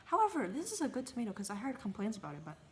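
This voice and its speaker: A woman's voice: on the high side, wildly swooping pitch, rapid-fire, a little mellow, a little hiss or hum. A woman casually vlogging a tomato taste test, chatty and a bit hesitant, sometimes talking with her mouth full. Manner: chatty, hesitant, talks while eating. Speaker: gardening vlogger. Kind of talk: casual tasting vlog.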